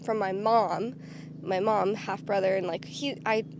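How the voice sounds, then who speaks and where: A young woman telling her own story to the camera in a casual, candid way, full of "like" and quick restarts. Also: mid-range voice, steady tone, noisy background. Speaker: vlogger.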